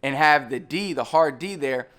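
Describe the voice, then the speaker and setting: A man gives a relaxed spoken lesson, talking straight to the viewer. His voice sits a little on the high side. He slows down to repeat practice syllables over and over, coaching patiently. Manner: repeats drill sounds slowly, coaching the viewer. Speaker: language teacher.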